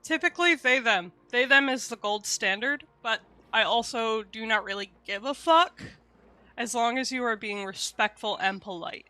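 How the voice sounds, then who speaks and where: A woman's voice: on the high side, normal speed, sharp tone, no room sound. A young woman streaming live, chatting candidly with viewers and swearing casually as she explains things.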